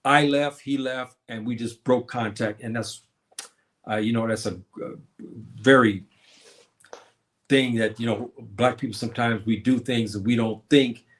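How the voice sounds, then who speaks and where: A man's voice: medium pitch, fairly even intonation, a little slow. Older man, livestream host, casual chat, rambling, reminiscing, lots of fillers. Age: 70s.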